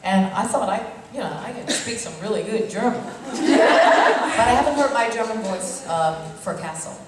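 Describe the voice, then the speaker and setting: A playful woman answering fans at a convention, loud and prone to giggling. Her voice booms around a big echoey hall, picked up from a distance. A steady hum runs underneath. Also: moderate pace. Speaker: actress on a fan convention panel. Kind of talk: casual panel Q&A. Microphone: handheld mic recorded by far audience camera. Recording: echoey hall recorded from far off.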